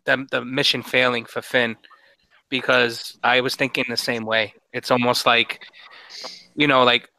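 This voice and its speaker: A man hosting a podcast panel, talking casually in halting bursts and swearing now and then. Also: medium pitch, level tone, creaky, bright, forceful tone, dry recording, low-quality recording. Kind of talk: casual chat.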